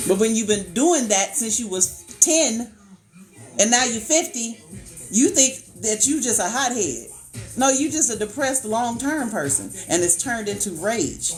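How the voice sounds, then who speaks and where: A woman counselor hosting a casual live-stream chat, blunt and colloquial, breaking into sound effects and laughter. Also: on the high side. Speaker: licensed counselor and channel host. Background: faint background music.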